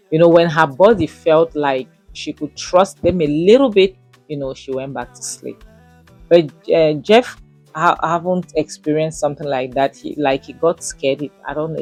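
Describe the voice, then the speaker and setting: A woman's voice: low-pitched, a little mellow. A Nigerian woman recapping and reviewing a drama episode in a casual, rambling way, with many fillers. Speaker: series reviewer.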